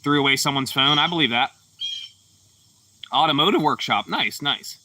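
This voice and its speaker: A man's voice: on the high side, normal speed, pushed and bright, recorded from a distance, slight background noise. A man from Pittsburgh, chatting casually on a livestream and reading out chat comments in a laid-back, rambling way with lots of fillers. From Pittsburgh, Pennsylvania. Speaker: livestream host.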